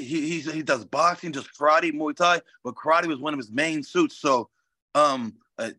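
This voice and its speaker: A man's voice: fairly high pitch, sharp tone, dry recording. A man guest in a casual interview, talking in a brash, swaggering, profane way. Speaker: fighter guest.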